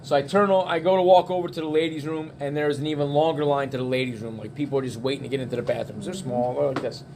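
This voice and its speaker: A middle-aged man at a bar telling a casual story in an animated, profane way, acting out the quotes. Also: medium pitch, fast talker, hardly any pauses, a little hiss or hum.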